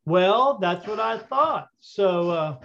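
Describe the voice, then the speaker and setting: A man telling a story as an interview guest, animated and acting out the dialogue, with frequent fillers. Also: sits high, takes it slowly, vocal fry, a little hiss or hum. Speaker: interview guest, intuitive reader. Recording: dull lo-fi audio.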